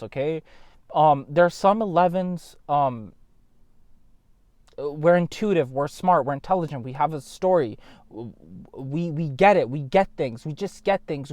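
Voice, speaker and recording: Casting: frank, profane man, slightly high voice, rambling straight-talk vlog. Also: darkish tone, dry recording, studio quality. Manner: blunt, profane, rambling, addresses viewers directly. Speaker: vlogger. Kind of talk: casual vlog monologue.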